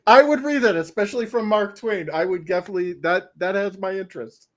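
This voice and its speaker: A man's voice: high voice, quick pace. A man guesting on a podcast in casual comedic chat, jokey and laughing a lot.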